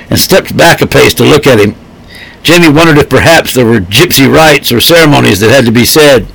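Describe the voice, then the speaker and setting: Male storybook narrator, steady measured delivery, light higher voice. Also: poor audio. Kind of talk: storybook reading.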